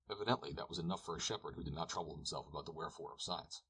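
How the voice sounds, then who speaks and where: A man narrates an audiobook in a calm, even reading. His voice sits very low and has a husky edge. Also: racing, hardly any pauses, rough recording. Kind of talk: scripted narration.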